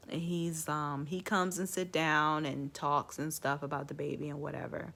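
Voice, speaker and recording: A woman's voice: low-pitched, little pitch movement, normal speed, a bit bright. A woman vlogger casually telling her own story to the camera, chatty, with lots of "like" and "um".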